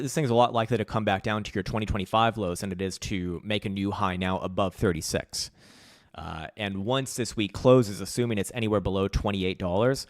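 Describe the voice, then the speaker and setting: A man's voice: on the low side, no echo, clean studio sound. A man hosting a crypto trading livestream. He answers viewer questions bluntly, swears freely, mocks people, and laughs often. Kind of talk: live-stream commentary reading viewer questions.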